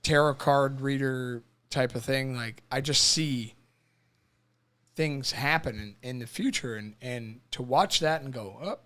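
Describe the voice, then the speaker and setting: A young man on a podcast talking haltingly and often repeating his words, with his voice trailing off at times. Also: mid-range voice, fairly bright tone. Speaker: podcast co-host, veteran. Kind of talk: casual conversation.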